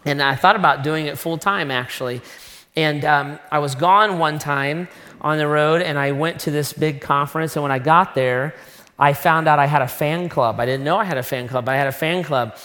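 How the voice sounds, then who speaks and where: A middle-aged man preaching a sermon, telling a personal story in an animated, self-mocking way. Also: fairly high pitch, moderate pace. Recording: long reverb of a large hall.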